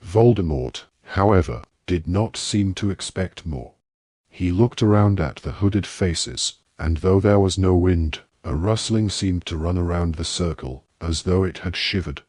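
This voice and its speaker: A man narrating a fantasy audiobook in a measured, dramatic storytelling manner. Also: deep voice, a little mellow, slightly rough, no echo, studio quality. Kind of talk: scripted narration.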